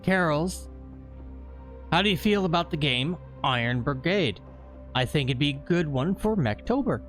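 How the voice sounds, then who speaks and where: A man's voice: fairly high pitch, animated, moderate pace, a bit bright. Joking male co-streamer, casual, faint music bed. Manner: joking, reads chat questions. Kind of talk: casual live-stream chat.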